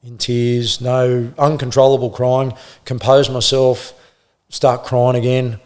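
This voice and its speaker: A middle-aged man, a former police officer, telling his story in an interview with blunt swearing and halting restarts. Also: mid-range voice, level tone, darkish tone. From Australia.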